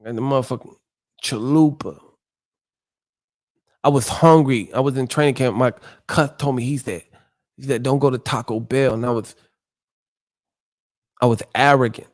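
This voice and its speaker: A man's voice: medium pitch, steady tone, moderate pace, pauses often, lightly acted. A man doing a whining boxing-legend impression. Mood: whiny. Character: mock Mike Tyson, grown man whining about a stomachache. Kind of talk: comic impression on a live stream.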